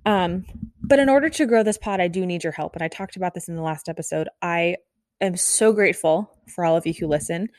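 A woman in her thirties hosting a casual solo podcast, talking fast and bubbly, rambling with lots of "like" and little laughs. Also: on the low side, a little mellow, no echo, clean studio sound. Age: 30s. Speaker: podcast host.

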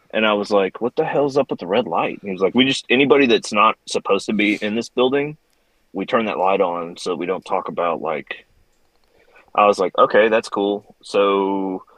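Middle-aged male podcast guest, low and dry, animated profane storyteller who acts out the voices. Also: dry recording, rough recording. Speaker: podcast guest, Air Force veteran. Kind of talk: casual storytelling.

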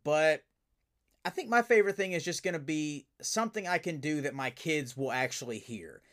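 Brief: male podcast host and voice actor, eager, animated, slightly raised pitch. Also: normal speed. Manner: enthusiastic, animated storyteller. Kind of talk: casual interview chat.

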